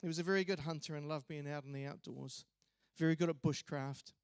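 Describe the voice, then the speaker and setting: High-voiced kiwi man giving a eulogy. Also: steady tone, brisk, smooth, no echo. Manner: conversational storytelling with hesitations. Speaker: eulogy speaker. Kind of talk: memorial eulogy. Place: church.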